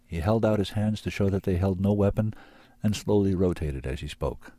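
A man reading a story aloud in an even, measured way, voicing the characters along the way. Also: low-pitched, dry recording, studio quality. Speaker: reader of submitted manuscripts. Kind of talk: storybook narration.

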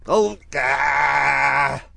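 A man's voice: lowish voice, sing-song, moderate pace, background noise. A man voicing a hulking, bitter male space warrior who speaks in blunt threats. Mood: menacing.

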